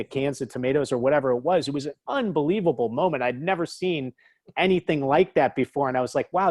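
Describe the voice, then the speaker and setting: A man guest telling lively anecdotes in casual talk, acting out other people in a raised voice. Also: a little high, no room sound. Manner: animated, acts out quotes in raised voice. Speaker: interview guest, author. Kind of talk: casual storytelling.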